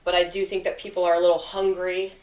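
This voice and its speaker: A woman's voice: on the low side, flat delivery, quick pace, darkish tone, distant mic. A woman hosting a podcast interview, upbeat and talkative in casual chat. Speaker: podcast host. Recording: echoey room, slightly off mic.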